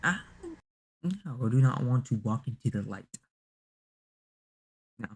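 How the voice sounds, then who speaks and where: A man with a gravelly, fry-heavy voice reacts to a frightening video as a streamer. He stammers, repeats himself and mutters in panicked bursts. His pitch sits at an ordinary middle height. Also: lively intonation, unhurried, rough recording. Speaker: VTuber streamer. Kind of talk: scared reaction commentary.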